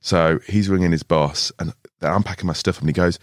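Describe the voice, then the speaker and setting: A low-voiced man, a carp angler guesting on a podcast, talks fairly quickly with fairly even intonation, rambling through a story with frequent laughs and restarts. It's casual storytelling chat on a studio podcast mic, clean and without echo.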